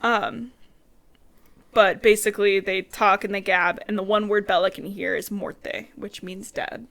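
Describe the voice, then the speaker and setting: A woman's voice: medium pitch, fairly even intonation, a little slow, gravelly, fairly bright tone. A young woman co-hosting a podcast, recapping a book in casual chat, swearing freely and acting out characters' lines. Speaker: podcast co-host.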